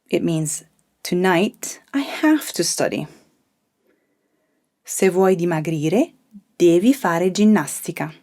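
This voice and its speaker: A woman teaching a language lesson, explaining grammar calmly and modelling example phrases clearly. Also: medium pitch. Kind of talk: scripted lesson narration.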